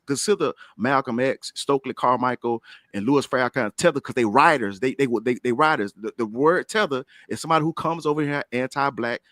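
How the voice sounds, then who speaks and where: A man's voice: medium pitch, fairly bright tone, no room sound, studio quality. Blunt, profane man in heated debate. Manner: blunt, profane, stammering restarts. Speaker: debate panelist.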